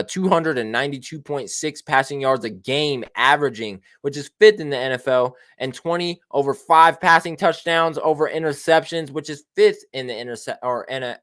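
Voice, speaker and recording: A man hosting a casual sports talk show, slangy and profane, brash and excitable with his opinions. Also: medium pitch, no echo, clean studio sound. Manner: slangy and profane, with frequent "man", "bruh" and "baby". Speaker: show host.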